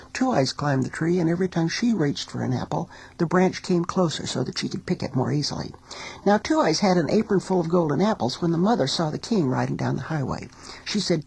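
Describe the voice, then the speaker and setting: A woman teacher telling a folk tale in a recording studio, as an expressive storyteller. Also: low-pitched, gravelly, breathy edge, poor audio. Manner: expressive storyteller, sings small refrains slowly.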